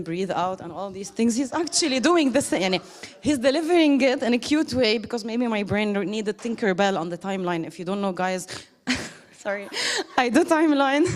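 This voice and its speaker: A woman's voice: mid-range voice, darkish tone. A woman giving a casual, emotional thank-you speech to a group, laughing often and quoting others.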